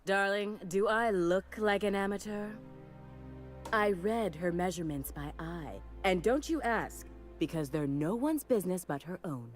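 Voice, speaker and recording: Over faint music, this woman plays a video game's flamboyant fashion designer, lightly acted, with an unhurried, mid-range, animated delivery. The character is grandiose and theatrical, lavishing endearments on everyone.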